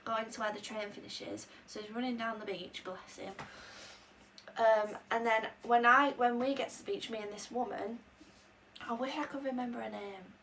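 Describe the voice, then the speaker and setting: A young vlogger tells a personal story in a chatty, rambling style packed with "um" and "like." Her fairly high, fairly bright voice holds a steady tone at a moderate pace, captured on a slightly distant mic with faint background hiss.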